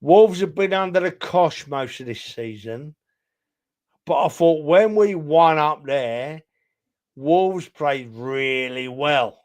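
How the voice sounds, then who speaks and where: A man's voice: on the high side, takes it slowly, darkish tone. A man co-hosting a casual football chat, rambling and emphatic, a little tipsy from drinking. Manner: rambling, emphatic, keeps calling the other host son. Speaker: podcast co-host.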